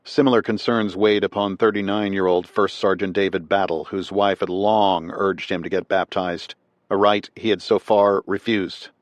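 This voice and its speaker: Male audiobook narrator, low voice, dry booth sound, measured scripted delivery. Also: no echo. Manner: measured, steady reading.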